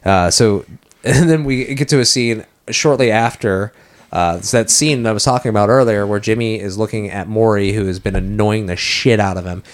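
A man's voice: on the low side, moderate pace. A man co-hosting a podcast, casually recapping a film in a rambling way and acting out lines from it. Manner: rambling, acts out quoted lines. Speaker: podcast co-host.

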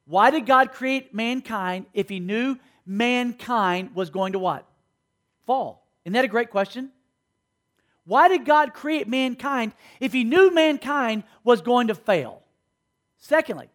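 A man's voice: extremely high pitch, a bit bright. A man preaching a sermon to a school audience, often stopping to ask the listeners questions and check that they follow. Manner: asks the audience questions, call and response. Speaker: speaker at a school.

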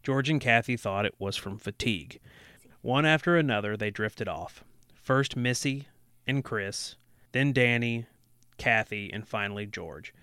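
A man's voice: mid-range voice, a little slow, pushed and bright, clear, resonant tone, no room sound. A man co-hosting a podcast, reading a horror book aloud with sarcastic, swearing asides. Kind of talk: casual reading with snarky asides.

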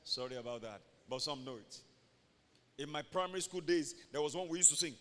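A man with a Nigerian accent preaching an animated sermon, moving from soft talk to shouts. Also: fairly high pitch, brisk, big-room sound. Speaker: pastor. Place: church.

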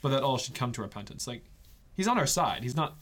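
A man hosts a relaxed faith podcast and chats casually with a guest. His voice sits in a middle pitch. He jokes a lot and drops quick asides between his points. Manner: jokey and laughing, quick asides. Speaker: podcast host.

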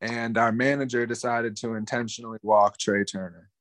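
A man's voice: medium pitch, steady tone, moderate pace, fairly bright tone, no echo. A young man co-hosting a casual sports podcast, rambling in a frustrated tone and swearing now and then. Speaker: podcast co-host.

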